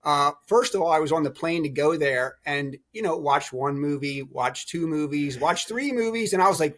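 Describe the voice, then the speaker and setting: A middle-aged man, a podcast guest, telling lively stories in a casual chat. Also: on the high side, normal speed. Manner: animated, laughing storyteller. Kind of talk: storytelling chat.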